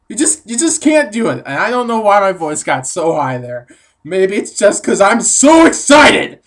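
A woman giving an excitable comedic monologue, her pitch leaping up to shrieks and dropping to mutters. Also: measured pace. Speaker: comedic vlogger.

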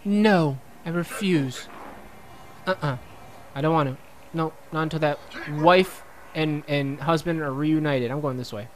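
A bright, fairly high-pitched young man narrating his gameplay with lively swings in pitch, cracking jokes and bantering with the characters on screen. A faint hiss of noise sits beneath his voice. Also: unhurried. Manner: goofy, talks back to game characters, frequent laughs. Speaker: gaming let's-player. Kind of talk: comedic gameplay commentary.

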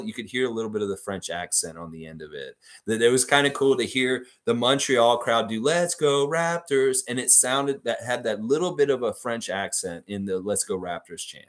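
Chatty, excitable male livestream host. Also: mid-range voice. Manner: chatty and excitable, laughs readily, rambling asides. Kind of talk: casual chat, reading out live comments.

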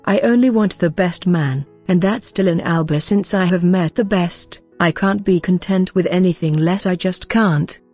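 A lovesick young flight attendant, jealous and earnest, pleading in a slightly low register. Her lines sound like a dubbed drama, with soft music under them. She keeps the same yearning tone throughout. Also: normal speed, hardly any pauses. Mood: longing. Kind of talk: dubbed short drama acting. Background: faint music.

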